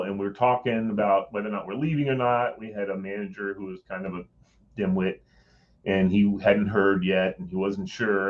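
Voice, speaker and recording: In a casual chat, a middle-aged guest with a lowish voice tells a story from his own life, heard through lo-fi sound. He's animated, dramatizes what others said, and chuckles mid-sentence.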